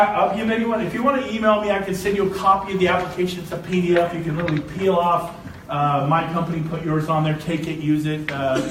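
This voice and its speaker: An older man giving a motivational real estate talk to an audience, telling lively stories and breaking into shouts and laughs. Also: sits high, slight background noise. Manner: animated storyteller, shouts and laughs. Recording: echoey room from a distance.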